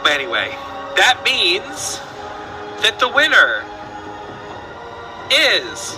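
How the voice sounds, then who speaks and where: A man's voice: high-pitched, huge pitch swings, drawn-out words, pauses often, over music, poor audio. A man hosting an online trivia quiz over voice chat, playful and rambling, laughing at his own jokes.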